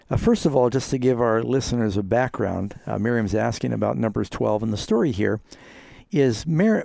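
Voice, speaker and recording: A man's voice: mid-range voice, gravelly, darkish tone, no echo, studio quality. A man hosting a radio call-in program as a pastor, explaining Bible passages to callers in an easygoing way.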